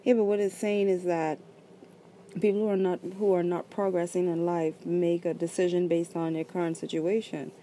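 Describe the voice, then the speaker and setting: A sleepy woman co-hosts a relaxed chat, arguing her opinions firmly. Her voice sits slightly low and sounds warm and mellow. Faint noise hums behind her. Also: moderate pace. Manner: argumentative, opinionated. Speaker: podcast co-host. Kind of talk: casual chat.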